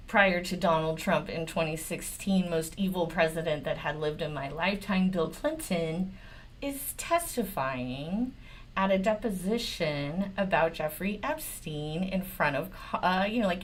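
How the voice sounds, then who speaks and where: A woman's voice: fairly low pitch, a little hiss or hum. A woman lawyer hosts her own commentary channel. She rants about politics in a blunt, sarcastic voice, swears often, and mocks the people she talks about with open exasperation. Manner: mocking and exasperated. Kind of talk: profane political commentary rant.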